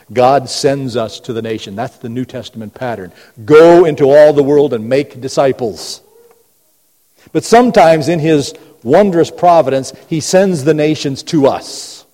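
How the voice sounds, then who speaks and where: A pastor preaching a sermon, firing rhetorical questions and swinging between booming emphasis and hushed, low asides. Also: male voice. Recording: long hall reverb.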